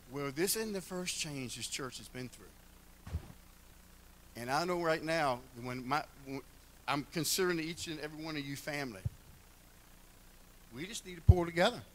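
A man's voice: on the high side, fairly bright tone. An older man giving a heartfelt church address, telling folksy stories with humor. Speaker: church member speaking at a retirement celebration.

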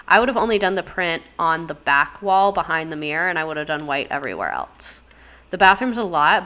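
A young woman hosting a casual livestream, reacting to house listings with animated gasps, swearing and constant asides to her chat. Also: lowish voice. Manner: animated, gasping, profane, talks to chat directly. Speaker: livestream host.

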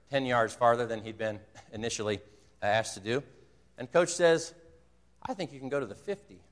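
A man's voice: mid-range voice, moderate pace, in a large hall. A man preaching a sermon, earnestly retelling a movie scene and quoting its dialogue. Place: church sanctuary.

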